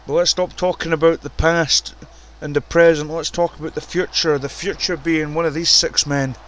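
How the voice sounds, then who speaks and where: A man giving casual, profane, excitable commentary on a wrestling video game and ranting about the roster. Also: on the high side, normal speed, a little hiss or hum. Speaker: commentator and show runner.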